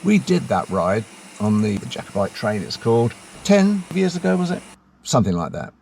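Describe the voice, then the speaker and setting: A man's voice: medium pitch, very animated, normal speed, gravelly, noisy background. A man narrating his own road-trip vlog in a chatty, jokey way, mixing casual remarks with read-out facts. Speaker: travel vlogger.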